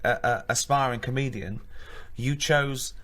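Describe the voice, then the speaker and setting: A man's voice: medium pitch, over a noisy crowd. A man hosting a radio show, teasing and mocking his co-host in casual banter. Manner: teasing, mocking, quick interjections.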